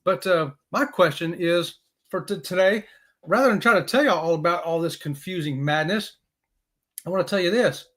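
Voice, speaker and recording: A man hosting a live stream in casual chat, folksy and excitable, often saying y'all. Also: high-pitched, normal speed.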